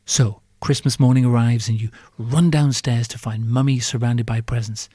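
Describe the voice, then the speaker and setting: A man's voice: mid-range voice, steady tone, normal speed, warm tone, husky, no echo, studio quality. A man hosting a podcast, delivering a sarcastic, profane comic monologue full of rhetorical questions. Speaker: podcast host.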